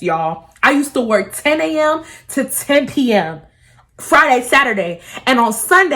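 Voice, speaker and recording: A young woman tells a storytime to her camera. She talks in a loose, profane, animated way, slipping into other people's voices as she quotes them. She sits close to the camera mic. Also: on the high side. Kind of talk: casual storytime vlog.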